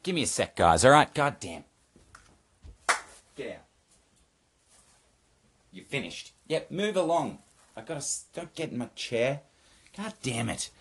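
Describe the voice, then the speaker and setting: A man's voice: mid-range voice, big pitch swings, measured pace, pauses often, fairly bright tone, husky. A man hosting a casual solo podcast check-in from home, rambling and swearing, mocking himself and scolding his cat. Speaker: podcast host.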